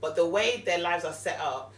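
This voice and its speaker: A woman's voice: on the low side, moderate pace, far from the mic, crowd noise. A young woman with a London accent, a podcast guest chatting casually and telling stories emphatically. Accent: London English. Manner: animated, emphatic storyteller. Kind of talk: casual chat. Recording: roomy, off-mic.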